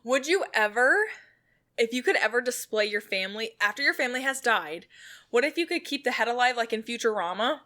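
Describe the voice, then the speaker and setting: A woman co-hosting a podcast in casual chat, giggly and excitable. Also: on the high side, brisk. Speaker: podcast co-host.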